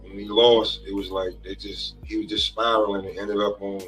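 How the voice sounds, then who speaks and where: A man's voice: fairly low pitch, flat delivery, moderate pace, fairly bright tone, husky, faint music behind, poor audio. A man in a casual boxing chat over a livestream call, hesitant and searching for words. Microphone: remote livestream call.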